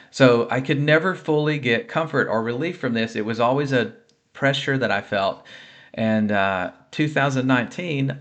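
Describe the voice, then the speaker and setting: A man recounts his faith testimony in an earnest, conversational way. His voice sits at an ordinary middle pitch, and he often restarts and fills pauses as he talks. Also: fairly bright tone. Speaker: ministry speaker sharing a healing testimony. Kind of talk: personal faith testimony told to camera.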